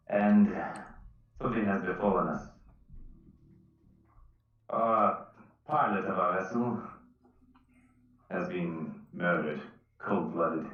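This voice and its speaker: A man's voice: low voice, fairly bright tone. A man playing a solemn desert ship captain, speaking in formal, old-fashioned phrases. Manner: formal, archaic in-character speech. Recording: roomy, distant, dull lo-fi mic.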